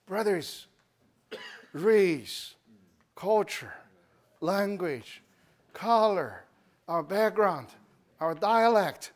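A man's voice: high voice, expressive, drawn-out words, long pauses. A middle-aged man from China with a Chinese accent, giving a testimony sermon in broken English with many restarts. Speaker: church speaker.

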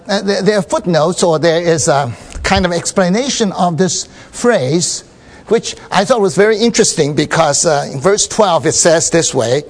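A man giving an informal Bible sharing at a church meeting, talking haltingly with many fillers and restarts and often checking that his listeners understand. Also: high voice.

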